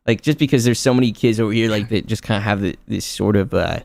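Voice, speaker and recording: Gravelly laid-back man, dry sound. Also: on the low side, quick pace, few pauses, a little mellow, no room sound. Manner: laid-back, hesitant phrasing. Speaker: guest voice actor. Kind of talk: casual stream chat.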